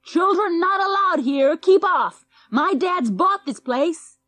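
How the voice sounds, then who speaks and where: A woman voicing a bratty young boy bully who shouts taunts in a high, lively voice. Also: takes it slowly, dry recording, full character voice. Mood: bratty yelling.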